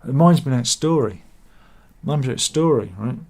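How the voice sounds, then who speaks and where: A man's voice: mid-range voice, expressive, fast talker, darkish tone. A man hosting a satirical news chat show, casually reading out viewer comments with rambling, jokey and self-mocking asides.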